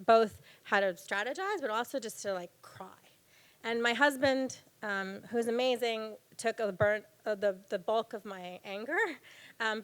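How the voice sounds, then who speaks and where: A woman in her thirties speaks to a live audience from a stage in a smooth, clear voice. She tells her story candidly and earnestly. She often pauses on fillers. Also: medium pitch. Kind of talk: personal talk to an audience. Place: event stage before an audience.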